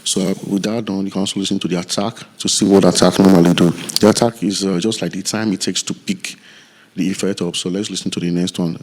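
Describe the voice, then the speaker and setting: A man teaching music recording software in a loose, rambling tutorial with many restarts, from a home studio. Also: deep voice, little pitch movement, fast, a little hiss or hum.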